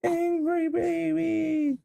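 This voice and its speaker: Gravelly woman cooing in baby talk. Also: flat delivery, very slow, no echo, studio quality. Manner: high, loud cooing, often turned away from the mic.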